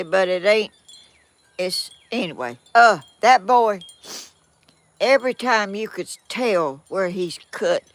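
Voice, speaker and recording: A woman's voice: mid-range voice, fairly bright tone, no echo. An older woman with a Georgia Southern accent chatting folksily on her vlog, rambling and poking fun at herself. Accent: Southern American, Georgia. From southern United States. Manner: rambling, folksy, self-deprecating. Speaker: vlogger. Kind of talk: casual chat reading viewer comments.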